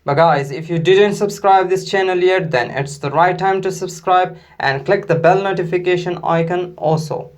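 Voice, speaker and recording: A man who is not a native English speaker, teaching pronunciation in a lesson and slowly repeating each word with care. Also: sits high.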